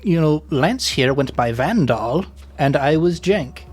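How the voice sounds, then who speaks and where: A man playing a sly adventurer who explains things quickly and matter-of-factly. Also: on the high side, expressive, darkish tone, breathy edge, exaggerated voice.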